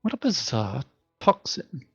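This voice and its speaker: A British man playing a tabletop game, speaking in a measured, polite manner. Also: mid-range voice, wildly swooping pitch, creaky, a bit bright, husky, no room sound, lo-fi sound. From Britain. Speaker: player.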